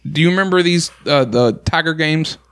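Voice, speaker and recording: A man's voice: on the high side, brisk, fairly bright tone, clear, resonant tone, no room sound. A married man co-hosting a casual podcast, easygoing with some hesitant restarts. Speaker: podcast co-host. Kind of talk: casual chat.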